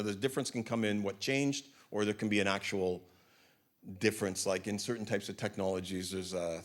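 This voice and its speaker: A man from Canada giving a conversational conference talk, often adding tag questions, on a handheld mic. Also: lowish voice. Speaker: conference speaker. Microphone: handheld mic, hot gain.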